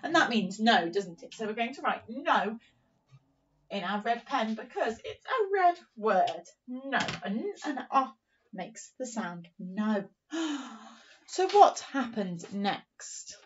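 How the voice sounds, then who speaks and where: A woman teacher leads young children through a phonics lesson, sounding out each word slowly and praising them as she goes. Her voice sits a little high. The recording is dull and picked up from some distance away. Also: very animated. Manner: encouraging, slow and sing-song, sounding out words. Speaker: primary teacher.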